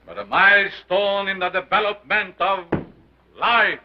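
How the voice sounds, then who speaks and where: A grand sinister carnival lecturer, speaks high and sweeping, muffled 1930s film sound. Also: male voice, lively intonation, measured pace. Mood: commanding. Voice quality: accented, declamatory. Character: theatrical mad scientist showman, male, middle-aged, commanding.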